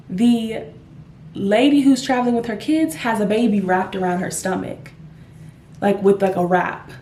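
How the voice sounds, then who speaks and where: Woman storyteller, mellow voice, lively delivery, roomy room with faint hiss. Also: mid-range voice. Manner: animated, acts out the people in her story. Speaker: flight attendant. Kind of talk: casual storytime vlog. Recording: echoey room with faint noise.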